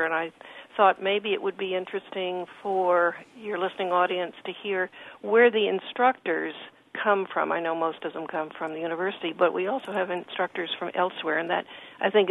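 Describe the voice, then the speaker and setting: A woman phones into a radio show, enthusiastic though pausing with fillers. Her voice sits a little low. The tinny phone line strips away depth. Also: creaky, slight background noise. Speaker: caller. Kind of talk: radio call-in chat.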